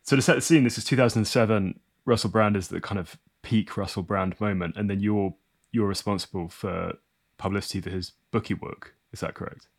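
Gravelly low-voiced male podcast host. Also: steady tone, fairly quick. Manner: conversational, sets the scene before asking. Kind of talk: interview questions.

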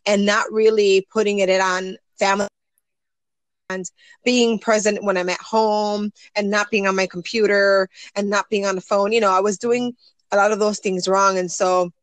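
A woman's voice: medium pitch, little pitch movement, normal speed, dry recording. A woman in her forties, a guest in an interview, telling a personal story earnestly and acting out what others said. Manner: earnest, storytelling, acts out quoted voices. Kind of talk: casual interview conversation.

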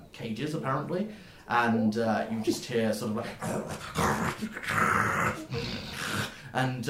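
Halting male game master, echoey room. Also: medium pitch, a little hiss or hum. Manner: halting, full of fillers and restarts. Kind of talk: narrating a tabletop game. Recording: roomy echo.

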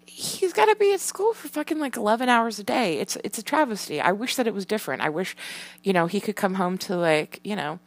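Low-voiced mom venting into the cam, swears a lot, tons of ums and restarts, dry close sound. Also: female voice, fairly bright tone, no room sound. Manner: rambling and frank, heavy swearing, many fillers and restarts. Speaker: parent. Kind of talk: candid personal vlog.

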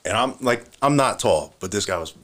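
Middle-aged ex-cop, deep low voice, rambling profane storyteller who laughs as he goes. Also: expressive, brisk, a bit bright. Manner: profane, chuckling storyteller with lots of fillers. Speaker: former police officer, guest. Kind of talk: casual storytelling.

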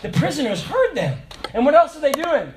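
A middle-aged male pastor with a high voice preaches an animated sermon. He asks the congregation questions and waits for their answers. He rises to loud exclamations, then drops to quiet asides. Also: brisk, a little hiss or hum. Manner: animated call-and-response preaching, swinging between loud bursts and quiet asides.

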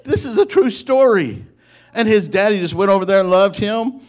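A man preaching a sermon, telling a folksy story in an animated way and often breaking off to restart his sentences. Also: high voice, normal speed. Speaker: pastor.

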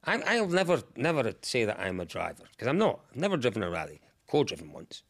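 A man's voice: fairly low pitch, very animated, fast talker, a bit bright. A man telling a wild story as a podcast guest, laughing often and swearing freely.

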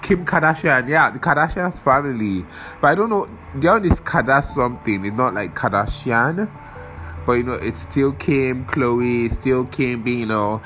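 A man's voice: mid-range voice, lively intonation, normal speed, a bit bright, faint music behind, low-quality recording. A young man hosting a podcast, rambling casually, swearing often and losing his train of thought while he has a cold. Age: young adult. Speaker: podcast host.

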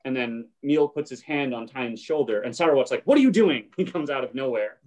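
A man recaps a show scene in casual conversation, trailing off into fillers and acting out short bits of dialogue. His voice sits at a middle pitch. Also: brisk, darkish tone. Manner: retells scenes, briefly acting out lines. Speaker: podcast host.

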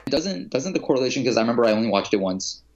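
A man's voice: mid-range voice, very animated, rapid-fire, lo-fi sound. A young man co-hosting a casual chat, talking eagerly about movies. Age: young adult. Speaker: podcast co-host.

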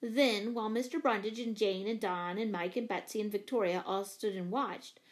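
A woman narrating a children's novel in a clear, even storybook reading. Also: medium pitch, moderate pace. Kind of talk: scripted narration.

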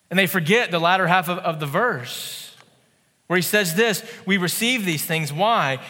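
A man in his thirties preaching a sermon in a church, conversational and animated, with playful asides. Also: high voice, normal speed, in a large hall. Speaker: pastor.

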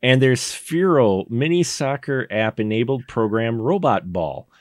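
A man's voice: medium pitch, expressive, measured pace, no room sound, clean studio sound. Rambling man chatting about a movie. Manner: rambling, jokey, acts out scenes with put-on voices. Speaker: podcast co-host. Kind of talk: casual movie review chat. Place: indoor studio room.

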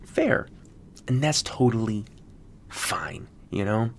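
A man's voice: sits low, normal speed, slight background noise. An American man hosting a podcast, rambling casually with lots of fillers and swearing. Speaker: podcast host. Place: Sydney.

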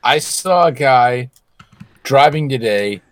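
A man co-hosting a comedy podcast, quick and teasing, cutting in on the others. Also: medium pitch, expressive. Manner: quick-talking, teasing, interrupting. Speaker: podcast co-host.

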